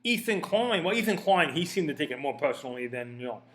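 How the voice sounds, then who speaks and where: A man's voice: on the high side, sing-song, fast talker, fairly bright tone. A man giving a casual opinion rant, rambling and profane, often stammering and repeating words. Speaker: commentator.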